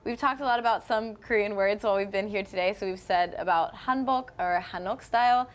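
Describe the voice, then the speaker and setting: A woman's voice: medium pitch, brisk. A young woman from North Carolina, hosting a casual live-stream chat, friendly and chatty, reading viewer comments aloud. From North Carolina, USA. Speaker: host.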